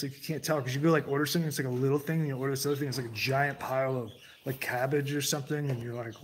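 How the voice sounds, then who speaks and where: A man's voice: medium pitch, steady tone, rapid-fire, hardly any pauses, a little hiss or hum. A man hosting a livestream, talking casually to his chat in a digressive, rambling way, often restarting his sentences. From United States. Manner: digressive, restarts sentences, jumps between tangents. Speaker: livestream host.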